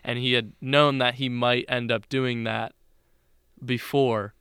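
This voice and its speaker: A man's voice: mid-range voice, little pitch movement, slow, a bit bright, smooth, no echo, studio quality. A young man in casual chat, retelling a film in a rambling way full of fillers and restarts.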